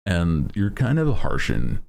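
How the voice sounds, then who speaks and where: A man's voice: deep voice, wildly swooping pitch, slow pace, creaky, a little mellow, pitched above the performer's own voice, exaggerated voice. Comic surfer dude, put on by a man: lazy drawl, swooping inflection, bro slang. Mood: indignant. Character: laid-back young male beach surfer dude. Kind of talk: comedic impression on a livestream.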